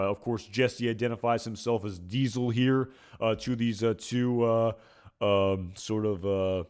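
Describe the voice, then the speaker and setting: Rambling, hesitant low-voiced man. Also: darkish tone. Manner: rambling, hesitant, full of fillers. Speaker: video commentator. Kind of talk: casual episode commentary.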